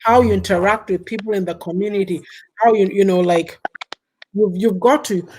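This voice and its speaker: A woman's voice: medium pitch, fairly even intonation, moderate pace, a little mellow, a little hiss or hum, poor audio. A woman, hosting a casual chat and giving emphatic advice. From Ghana. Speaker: host.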